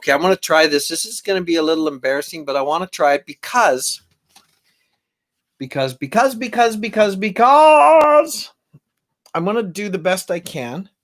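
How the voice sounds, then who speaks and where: A man's voice: on the high side, quick pace, few pauses, a bit bright. A man hosting a live stream as a singer-songwriter, chatting casually and jokingly between songs and reading viewer comments aloud.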